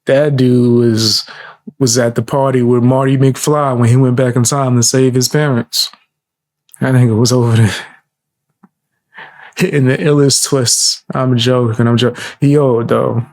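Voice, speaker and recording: A man's voice: mid-range voice, level tone, measured pace, darkish tone. A man giving casual reaction commentary in a laid-back way, laughing often and using street slang.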